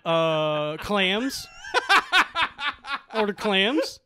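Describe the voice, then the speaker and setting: A young man telling a comedic story on a podcast, deadpan and halting, with fillers and quoted voices. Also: high-pitched, slight background noise. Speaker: podcast co-host.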